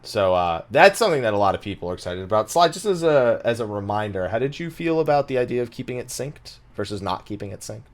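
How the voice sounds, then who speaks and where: A man hosting a casual gaming podcast, talking in an animated way, swearing and laughing often. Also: lowish voice, quick pace, hardly any pauses. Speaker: podcast host.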